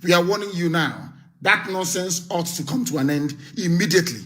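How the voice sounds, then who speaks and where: A Nigerian man speaks in a high, bright voice on a live broadcast. His delivery is fiery and forceful, and he hammers home repeated warnings and threats. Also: a little fast. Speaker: political activist broadcaster. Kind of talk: live radio broadcast speech.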